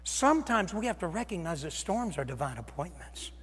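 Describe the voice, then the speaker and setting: A male pastor preaching a sermon, with dramatic swings from loud exclamations to hushed near-whispers. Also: on the high side, very animated, brisk, slightly rough. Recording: long reverb of a large hall.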